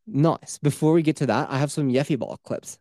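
A man's voice: a little high, moderate pace, mellow, no room sound, clean studio sound. A man co-hosting a podcast in casual chat, retelling stories, laughing often and swearing offhand. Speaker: podcast co-host.

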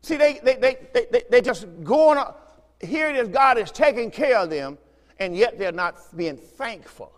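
A man's voice: extremely high pitch, lively intonation, unhurried, long reverb tail. A man preaching a fervent sermon as pastor, repeating phrases and urging his listeners on. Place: church sanctuary.

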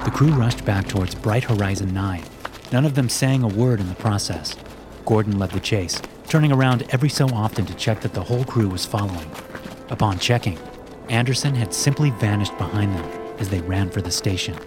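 A man narrating a horror story in a steady storytelling voice. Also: fairly low pitch, brisk. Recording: loud background music.

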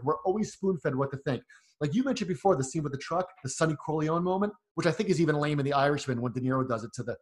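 A man co-hosting a film podcast, arguing quickly and critically about a movie in casual conversation. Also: fairly high pitch. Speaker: podcast co-host.

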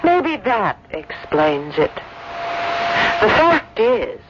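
An actress playing the ghost of a dead wife, calm, affectionate and gently scolding, in old-time radio drama style. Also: female voice, medium pitch, very slow. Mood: patient. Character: dead wife's ghost, doting and bossy. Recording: hissy lo-fi old radio recording.

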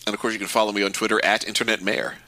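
Bright, quick-witted male podcast co-host. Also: fairly low pitch, flat delivery, no room sound. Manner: quick, wry, laughs between points. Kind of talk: casual chat.

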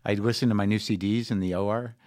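A man's voice: lowish voice, fairly even intonation, quick pace, darkish tone, dry recording, clean studio sound. A middle-aged man telling a long, rambling story in casual chat, profane and full of fillers. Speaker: guest comedian.

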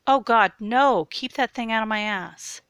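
A woman's voice: a little high, sing-song, moderate pace, a bit bright, no echo, clean studio sound, voice pushed up. A woman playing a nervous young man who protests and stammers in a raised, anxious voice. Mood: panicked.

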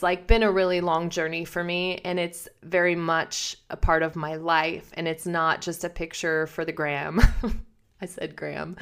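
A woman in her thirties with a slightly low voice chats straight to her viewers about her own life. She laughs easily and slips into little impressions of the people in her stories. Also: clear, resonant tone. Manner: chatty, laughs often, acts out quotes. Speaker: vlogger. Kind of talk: casual personal storytelling.

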